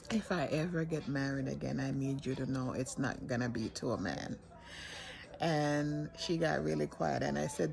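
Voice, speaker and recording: An older woman telling a personal story in an earnest, halting way, often restarting her sentences. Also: deep voice, creaky.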